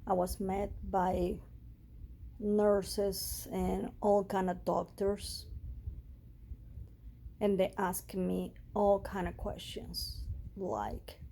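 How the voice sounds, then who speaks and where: Slow, gravelly-voiced woman telling her story. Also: medium pitch, level tone, mellow. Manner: emotional, halting, with pauses and restarts. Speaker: vlogger sharing a personal health story. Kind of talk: personal storytelling vlog.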